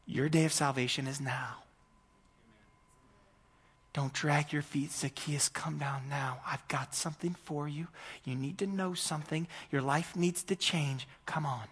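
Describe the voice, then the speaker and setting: A pastor voicing Jesus as a gentle man urgently calling someone down, in a low, soft, pleading way. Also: fairly even intonation, a little slow, breathy edge. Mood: gentle urging.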